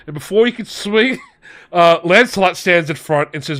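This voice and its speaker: A man's voice: on the high side, a little fast, fairly bright tone, dry recording. A man co-hosting a casual podcast, retelling legends and acting out the characters' lines. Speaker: podcast co-host.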